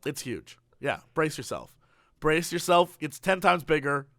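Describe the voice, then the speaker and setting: Man, podcast co-host, casual excited chat, bright tone, dead dry sound. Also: a little high, a little slow, no echo. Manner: excitable, sings and does silly voices.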